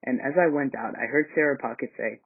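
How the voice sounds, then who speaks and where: A man reading a classic novel aloud as a volunteer reader, measured, with small slips and restarts. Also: mid-range voice, husky. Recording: tinny phone-like sound.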